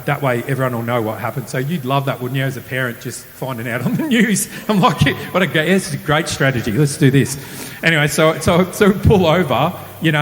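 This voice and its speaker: Casual male storyteller, animated, mid-pitched, long hall reverb. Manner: animated, acts out quoted voices. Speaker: testimony speaker. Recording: roomy hall with faint hiss.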